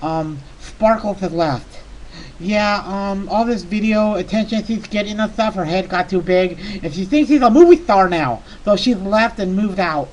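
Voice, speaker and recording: A performer voicing a small, childlike, excitable male character telling a comic story in a rambling, giddy way with lots of fillers. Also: mid-range voice, moderate pace, lightly acted, poor audio. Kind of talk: comedic monologue.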